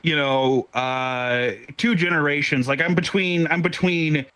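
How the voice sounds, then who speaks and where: A man's voice: fairly high pitch, unhurried, pushed and bright, clean tone, poor audio. A man in his twenties telling a profane stand-up story, with lots of stammered restarts. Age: 20s. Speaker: stand-up comedian. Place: online virtual comedy show.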